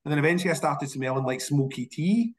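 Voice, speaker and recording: A man's voice: fairly high pitch, fast. Chatty Scottish man. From Scotland. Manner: animated, repeats words when restarting. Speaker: whisky industry guest. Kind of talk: casual interview storytelling.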